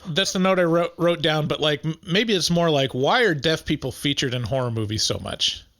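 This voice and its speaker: A man co-hosting a podcast in casual chat. He laughs often and fills pauses with "like" and "um.". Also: fairly high pitch, a bit bright, dry recording, studio quality. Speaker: podcast co-host.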